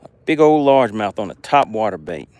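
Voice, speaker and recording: A breathless man hosting a live fishing stream outdoors, excitedly repeating catchphrases and calling out to his chat. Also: fairly low pitch, brisk, clear, resonant tone. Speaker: fishing channel host. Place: outdoors by the water.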